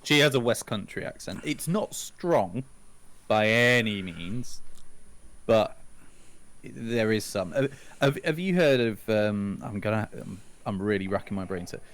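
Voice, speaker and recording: A man's voice: fairly low pitch, animated, unhurried, a bit bright. A man from England with a BBC-style southern English accent, explaining patiently in a casual chat and searching aloud for words. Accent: southern English standard (BBC-style). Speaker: podcast co-host.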